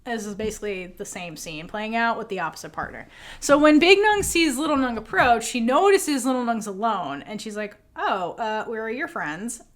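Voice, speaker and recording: Podcast co-host, woman, high-ish and very lively delivery, casual recap chat with acted-out quotes. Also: a little fast. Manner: animated, acts out characters' lines with lots of swearing and laughter.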